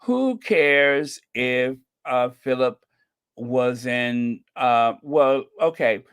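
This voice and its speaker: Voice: medium pitch, animated, very slow, clear, resonant tone. An American channel host giving casual commentary with a sarcastic, rambling, mocking manner. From United States.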